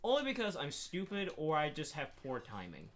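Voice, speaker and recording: A man ranting through a casual gaming chat, his pitch sitting a touch high and swinging widely as he talks. He tells stories in a loose, profane way. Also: a little fast. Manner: animated, profane storytelling rant. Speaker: podcast co-host.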